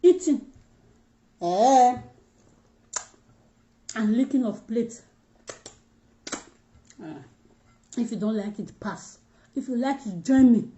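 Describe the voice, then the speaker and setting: A chatty Nigerian woman with a high, mellow voice, talking to her viewers in pidgin-flavoured English as she eats. The sound is dull and lo-fi, like cheap phone audio. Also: animated, slow pace, pauses often. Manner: chatty, mixes pidgin, addresses viewers directly. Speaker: livestream host. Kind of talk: casual livestream chat while eating.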